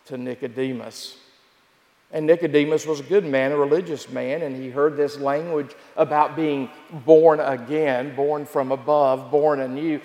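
A man preaching a sermon as pastor, telling the story with repeated phrases and dramatic pauses. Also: medium pitch, creaky, a little mellow. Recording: echoey hall with long reverb.

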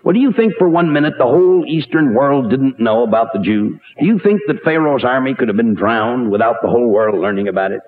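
An older man preaching over the radio, his voice mid-pitched and lively, full of rhetorical questions. The sound is thin and tinny, like an old broadcast heard through a phone line. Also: fairly quick, few pauses. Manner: animated, rhetorical questions, wide swings in pitch. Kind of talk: radio sermon. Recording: tinny narrow-band radio recording.

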